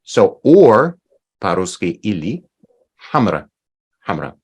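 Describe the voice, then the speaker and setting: A man's voice: on the low side, sing-song, takes it slowly, husky. A man teaching a language class over a video call, explaining patiently and checking in with "right?".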